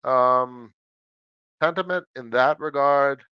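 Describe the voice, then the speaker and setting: A middle-aged man sits at his home desk hosting a casual livestream Q&A, animated and chatty, reading viewers' questions aloud before answering. His mid-range voice is smooth and slow, and the lo-fi audio has no echo.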